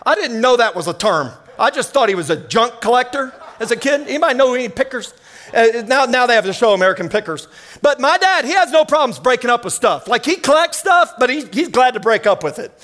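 A man preaching a sermon as pastor, telling a family story with energetic exclamations. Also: very high-pitched.

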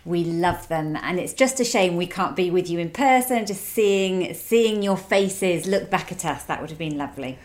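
A woman from England, recorded outdoors at her home and talking through scripture in a relaxed, conversational way. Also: on the low side, normal speed, few pauses. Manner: relaxed and conversational, with small restarts. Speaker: guest speaker. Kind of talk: conversational teaching on video. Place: outdoors at their home, front yard.

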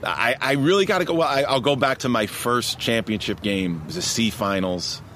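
Speaking at medium pitch and normal speed, this Long Island man is a basketball referee swapping stories in a relaxed interview. He's lively, laughs frequently and keeps dropping "man" into his sentences. The setting is a park, where faint traffic hums in the background.

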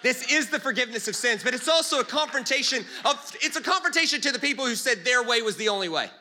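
Animated, bright-voiced comedic preacher. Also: male voice, very high voice. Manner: animated storyteller, jokey, quick asides. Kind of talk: comedic sermon.

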